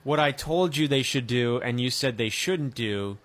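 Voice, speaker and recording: A man's voice: medium pitch, normal speed, fairly bright tone. Dry-humored male sports radio host. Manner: patient, dry, steering the talk. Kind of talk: casual sports radio banter.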